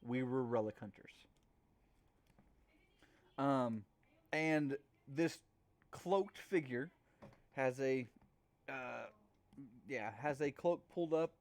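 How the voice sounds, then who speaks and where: Halting man narrating as game master. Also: mid-range voice, darkish tone. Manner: halting, with many fillers and restarts.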